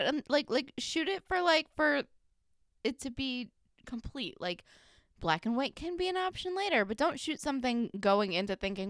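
A woman's voice: sits high, sing-song, moderate pace, no room sound, studio quality. A woman co-hosting a podcast, ranting in exasperation while recapping an episode. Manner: exasperated ranting, lots of fillers. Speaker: podcast co-host. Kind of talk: casual recap chat.

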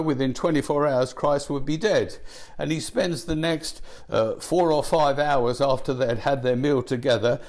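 A man preaching a sermon in a slow, deliberate way, letting his voice drop at the ends of phrases. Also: a little high, darkish tone.

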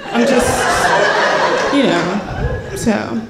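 A woman telling a comedic story on stage, animated and swearing, acting out voices. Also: high voice, measured pace, very noisy. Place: live show before a laughing audience. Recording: roomy hall with crowd.

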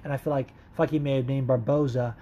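A man's voice: medium pitch, steady tone, fast, mellow. A man hosting a casual solo podcast, rambling and swearing, with lots of restarts and fillers. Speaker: podcast host. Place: Los Angeles area.

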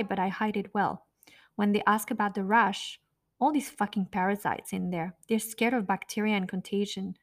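A woman narrating her own memoir in a blunt, raw, profane way. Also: medium pitch.

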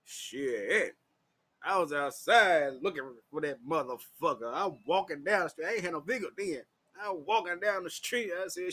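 A man's voice: fairly high pitch, animated, moderate pace, bright, forceful tone, husky. A man telling a raw, profane story to camera, laughing often and acting things out. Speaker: vlogger.

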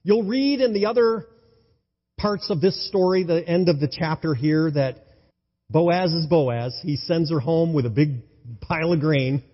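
A male pastor preaching an enthusiastic sermon, swinging between loud exclamations and hushed tones. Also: fairly high pitch, unhurried. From United States. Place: church sanctuary. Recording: dull, lo-fi sound in a reverberant hall.

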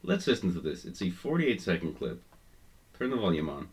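Lively low-voiced man, swearing. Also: brisk. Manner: swears freely, swings from loud excitement to mumbling. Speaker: podcast co-host. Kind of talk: casual wrestling chat.

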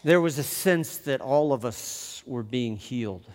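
A man telling a personal story in an animated way, often restarting with quick repeated words. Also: mid-range voice, big-room sound.

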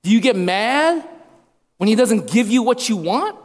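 A man's voice: sits high, big pitch swings, unhurried. A man in his thirties preaching a sermon as a pastor, repeating lines for emphasis. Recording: long reverb of a hall.

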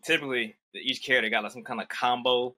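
Bright-voiced laid-back male host. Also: mid-range voice, fairly even intonation, fast talker. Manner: laid-back, hesitant, many fillers. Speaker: podcast host. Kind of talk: casual interview chat.

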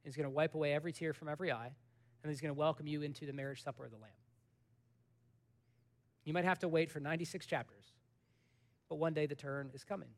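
High-voiced pastor, lively conversational sermon. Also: male voice, fast talker, pauses often. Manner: conversational, animated storytelling with sudden soft drops.

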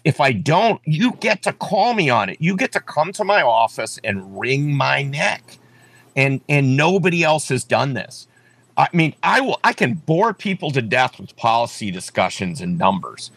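A political candidate with a mid-range, fairly bright, slightly rough voice talks emphatically in a campaign interview. He repeats his points and restarts his sentences often.

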